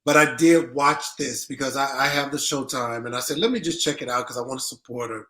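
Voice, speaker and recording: A man's voice: medium pitch, a little fast, sharp tone. Emphatic, chatty man hosting a show. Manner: conversational, repetitive, emphatic. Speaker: host. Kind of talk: casual commentary on news.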